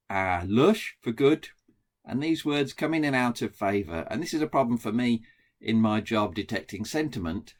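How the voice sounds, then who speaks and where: A middle-aged man with a Black Country accent, explaining his research in a plain lecture with frequent ums and restarts. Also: fairly low pitch. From England. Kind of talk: recorded lecture.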